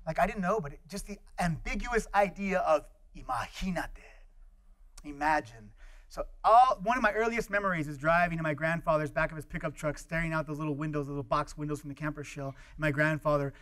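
A middle-aged man speaks as a guest lecturer, with a voice that sits a little high for a man. He tells personal stories in a relaxed, rambling way, with frequent fillers and acted-out voices of the people in them. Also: a little fast. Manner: anecdotal, acts out quoted voices, many fillers. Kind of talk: storytelling lecture.

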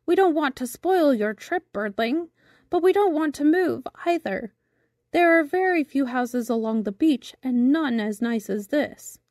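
A woman's voice: sits high, lively intonation, measured pace, a little mellow, dry recording, studio quality, voice pushed up. A woman doing meek little pleading shrimps. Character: timid chorus of humble little shrimps.

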